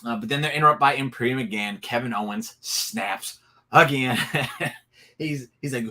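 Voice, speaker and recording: A man talks through a wrestling recap in a loose, excited way, piling on asides and retelling the action. His voice is bright and forceful. He sounds like he is streaming from a home computer mic. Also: mid-range voice, normal speed. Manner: excited, animated storytelling with laughs and asides. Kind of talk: casual solo recap talk.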